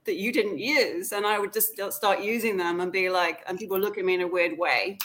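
A British woman, an actor and acting coach, chatting casually as a guest in an interview, often pausing with "like" and "um" and restarting her sentences. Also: mid-range voice, fairly even intonation, fairly bright tone. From England. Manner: chatty, many "like" and "um" fillers, frequent restarts.

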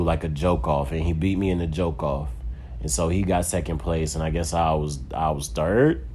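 A man's voice: low voice, darkish tone. A man, a stand-up comedian, telling a loose, rambling story in casual talk full of profanity and "like".

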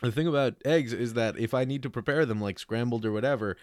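A man's voice: mid-range voice, fast, no echo, clean studio sound. A man co-hosting a casual podcast chat, joking and swearing as he tells stories. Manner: joking, swearing, animated storytelling. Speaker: podcast co-host.

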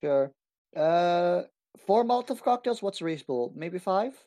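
A man's voice: sits high, lively intonation, measured pace, mellow. A man in casual tabletop game chat, using a slightly posh voice, eager and full of rules questions. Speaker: player.

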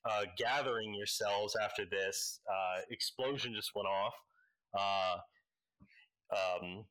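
Slow, halting man running a game. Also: mid-range voice, sharp tone, rough recording. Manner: halting, full of fillers. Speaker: game master. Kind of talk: narrating a tabletop game.

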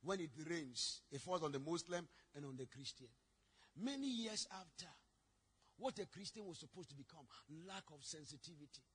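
A man preaching a sermon, telling stories with sudden shouted lines. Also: on the high side, expressive, normal speed, husky. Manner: dramatic storytelling, bursts into shouting. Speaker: pastor.

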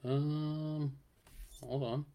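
A man's voice: a little high, little pitch movement, very slow, mellow. A man co-hosting a casual chat, hesitant and thinking aloud with many ums. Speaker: podcast co-host.

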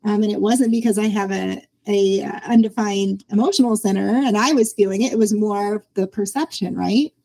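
A woman's voice: medium pitch, moderate pace, vocal fry, few pauses, rough recording. A woman in her forties hosting a podcast, talking through her thoughts in a casual, reflective way and often laughing. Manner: reflective, laughs often, quotes herself in lively voices. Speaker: podcast host. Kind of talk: casual conversational interview.

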